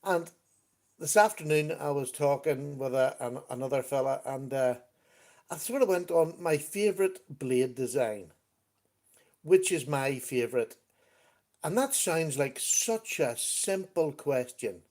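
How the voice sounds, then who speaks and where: A chatty man hosting a relaxed live stream, with a voice pitched a little high for a man. He talks easily and greets viewers by name between his thoughts. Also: a little slow. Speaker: livestream host. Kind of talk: casual live-stream chat.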